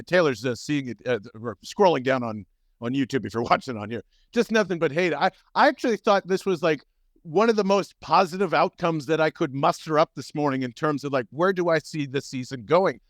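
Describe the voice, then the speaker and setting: A man co-hosting a casual sports podcast, animated and profane, his voice swinging up and down as he argues. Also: no echo, clean studio sound. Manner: animated, profane, jumps up and down in pitch. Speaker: podcast co-host.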